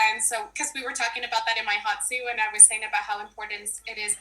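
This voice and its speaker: Bright-voiced chatty woman in her forties. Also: on the high side, fast talker, hardly any pauses, rough recording. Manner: warm, emotional, chatty with frequent restarts. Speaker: finance professional and money coach. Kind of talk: casual video-call chat. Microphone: video call.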